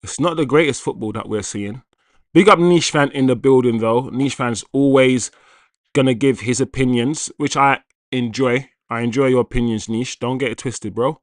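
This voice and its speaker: A man hosting a live football watchalong, reacting to the play and shouting out viewers. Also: mid-range voice, normal speed, no echo, studio quality. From Jamaican heritage. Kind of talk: live match commentary and chat.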